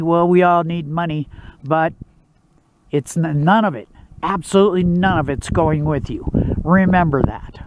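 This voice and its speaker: A man's voice: fairly high pitch, steady tone, normal speed, lo-fi sound, noisy background. A man chatting casually to the camera outdoors at a backcountry campsite, rambling and laid-back with lots of fillers. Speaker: outdoor vlogger. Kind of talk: casual outdoor vlog chat.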